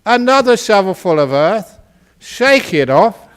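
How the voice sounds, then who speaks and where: A Buddhist monk in a man's voice tells a teaching story at an unhurried pace, playful and chuckling at his own humor. His pitch swings lively up and down, and his voice sits a little above the usual range for a man. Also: clear, resonant tone. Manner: playful, laughs at his own jokes, animated. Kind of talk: humorous storytelling dharma talk.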